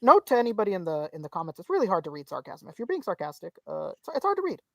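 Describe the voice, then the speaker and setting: A woman's voice: fairly low pitch, wildly swooping pitch, racing, gravelly, a crowd in the background. A woman co-hosting a casual live-stream podcast, reading viewer comments aloud in a chatty way with frequent restarts. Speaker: podcast co-host reading chat.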